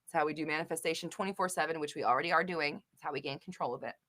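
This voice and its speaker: A woman's voice: low voice, rapid-fire, sharp tone. A woman hosting a casual live Q&A stream, talking emphatically and rambling, swearing freely. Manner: rambling with many fillers and restarts. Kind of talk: casual live-stream chat answering viewers.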